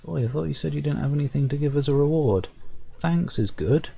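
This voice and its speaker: A man's voice: on the high side, brisk, vocal fry, mellow, slightly rough. A man playing a fantasy game, reading its narration aloud with wry asides. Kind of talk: let's-play commentary reading game text.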